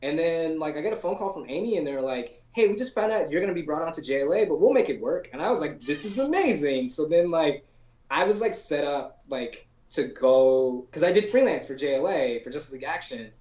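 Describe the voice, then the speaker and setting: A man's voice: fairly high pitch, fairly quick. A man guest on a podcast, a storyboard artist telling stories in a loose, slangy way, full of "like" and casual swearing, and acting out the people he quotes. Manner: acts out quoted people in animated voices. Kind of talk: casual anecdotal storytelling in an interview. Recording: roomy, dull lo-fi call audio.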